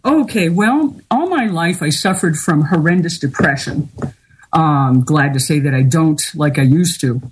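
A woman being interviewed as a guest, talking candidly and at length with many pauses and fillers. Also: low-pitched, lively intonation, slight background noise. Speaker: interview guest, artist and healer. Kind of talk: casual interview talk.

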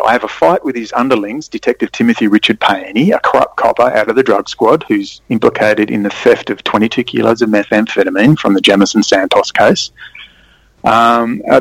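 A man, a podcast guest, telling rambling, excitable stories in casual conversation. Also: medium pitch, no room sound, rough recording. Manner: rambling, excitable storytelling with sudden animated spikes.

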